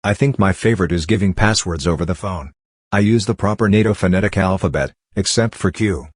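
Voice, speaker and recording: A man narrating online stories aloud in a steady, even reading voice. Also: sits low, fairly quick, dry recording, clean studio sound.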